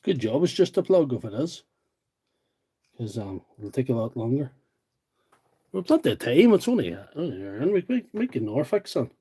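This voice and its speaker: Working on tools during his repair livestream, this Northern Irish man from rural County Derry rambles and pokes fun at himself in casual chat. He sounds warm and husky, mid-range in pitch, very animated at a moderate pace, and he pauses often.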